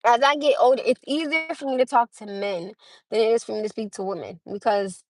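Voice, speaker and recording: A woman's voice: a little high, a little fast, no room sound. A young woman hosting a casual livestream, chatting with viewers, laughing often and greeting them by name. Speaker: livestream host.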